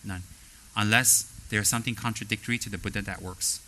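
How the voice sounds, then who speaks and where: A man teaching as a spiritual teacher, blunt and straightforward, animated as he acts out the people he talks about. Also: fairly low pitch, fairly quick, slight background noise, poor audio. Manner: animated, mimics people in quoted asides. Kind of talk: dharma talk.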